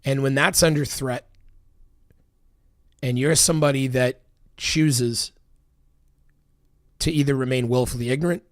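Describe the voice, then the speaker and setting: A man's voice: mid-range voice, fairly even intonation, a little slow, pauses often, no room sound, studio quality. A man delivering a heated, profanity-laced political rant, emphatic and repetitive. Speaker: political commentator.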